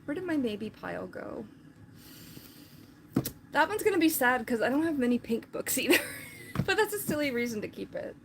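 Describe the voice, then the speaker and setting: A woman's voice: sits high, sing-song, normal speed, vocal fry, pauses often, noisy background. A woman chatting casually on a live stream, rambling with lots of filler words.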